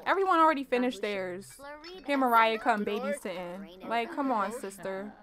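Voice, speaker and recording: A young woman casually commenting on her life-sim game for viewers, animated, laughing and slangy. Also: a little high, normal speed, a crowd in the background. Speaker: let's play host.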